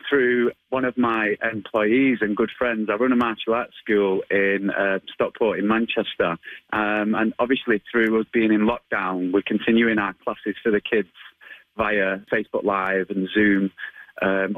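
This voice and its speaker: A man's voice: on the low side, no echo, narrow, tinny audio. A man, a martial arts instructor chatting in an interview, friendly and rambling with many fillers. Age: 30s. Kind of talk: casual phone interview.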